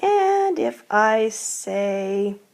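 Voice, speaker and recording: A woman's voice: on the high side, sing-song, extremely slow, creaky, darkish tone. A woman teaching classroom commands, patiently repeating each one with its English meaning. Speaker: Spanish teacher. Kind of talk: classroom language lesson.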